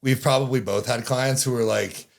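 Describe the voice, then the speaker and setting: A male podcast host in loose, animated conversation with a guest. His pitch sits in an ordinary middle range, and he jumps between voices, laughter and blunt, profane remarks. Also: moderate pace, gravelly. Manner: animated, swearing, laughing often. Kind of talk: casual chat.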